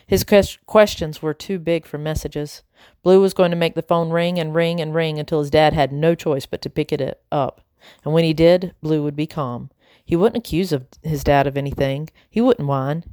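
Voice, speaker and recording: A woman narrating a children's novel in a measured, steady reading style. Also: deep voice, clear, resonant tone, dry recording. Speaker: audiobook narrator. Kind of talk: scripted narration.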